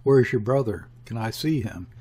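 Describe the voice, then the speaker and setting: Husky guy reading a curt sharp-eyed police inspector, probing, slightly rough voice. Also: medium pitch, unhurried. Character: shrewd middle-aged male police inspector.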